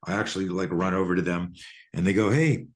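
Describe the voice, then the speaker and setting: A man in his sixties, a guest on a video call, telling a personal story in a lively way and swearing freely. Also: low-pitched, quick pace. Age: 60s. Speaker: guest, self-defense expert.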